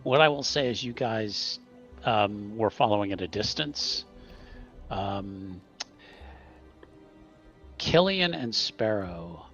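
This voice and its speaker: A man narrating a tabletop game as game master, pausing often with ums and restarts. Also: on the low side, fairly bright tone, muffled recording, faint music behind. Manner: hesitant, many ums and restarts.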